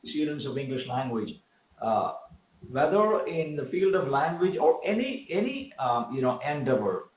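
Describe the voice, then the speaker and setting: A man's voice: on the high side, big pitch swings, moderate pace. A man talking earnestly in a casual conversation, explaining his views fluently with some fillers. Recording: dull, echoey room sound.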